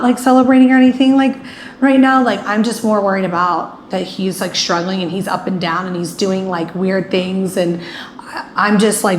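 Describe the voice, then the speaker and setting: A woman guest telling a painful personal story in a rambling way, with many fillers, often acting out what people said. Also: medium pitch. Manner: rambling, many "like" fillers, acts out quoted speech. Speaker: interview guest. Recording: echoey room with faint ambient noise.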